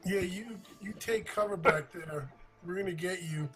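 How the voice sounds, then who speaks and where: A brash man with a high voice plays his character at a tabletop game, blunt and swearing. Faint music plays behind him. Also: normal speed. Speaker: player. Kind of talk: casual tabletop play.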